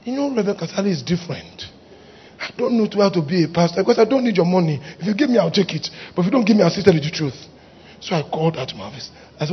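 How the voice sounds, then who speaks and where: A middle-aged man, a pastor preaching a fiery sermon with shouted exhortations. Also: high-pitched, animated, rapid-fire, husky, highs cut off.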